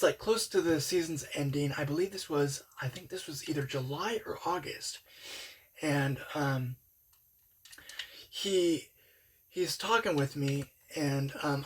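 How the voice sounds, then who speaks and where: A young adult telling a personal story in a rambling, casual way, full of "um" and "like". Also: mid-range voice. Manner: rambling, filler-heavy, talks with hands-off candor.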